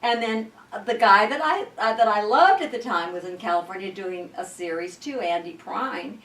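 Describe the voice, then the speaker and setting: Older woman from Iowa, roomy distant sound. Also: medium pitch. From Sioux City, Iowa, US. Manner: halting, restarts sentences, lively storytelling. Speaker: guest, actress. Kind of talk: rambling interview chat.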